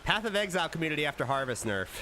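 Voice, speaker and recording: Lively, bright-voiced male streamer. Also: fairly high pitch, rapid-fire, slight background noise. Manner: excitable, rambling, laughs often. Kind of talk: casual live-stream chat.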